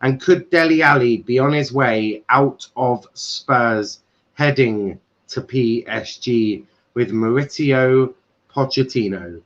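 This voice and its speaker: A man's voice: mid-range voice, takes it slowly, fairly bright tone, highs cut off. A man hosting a casual football transfer live stream, laughing often and swearing sarcastically.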